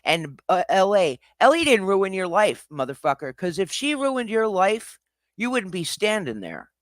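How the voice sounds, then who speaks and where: A man's voice: high voice, sing-song, moderate pace, no room sound, clean studio sound. A man hosting a livestream, confronting people in a heated, profane rant. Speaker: livestream host.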